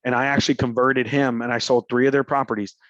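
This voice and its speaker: A man talks real estate in a loose, slangy coaching style. He slips into little acted phone calls as he goes. His voice sits at a middle pitch, and the recording is a bit muffled and dry. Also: level tone, fast, fairly bright tone, dry recording. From Houston, Texas. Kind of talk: casual coaching talk.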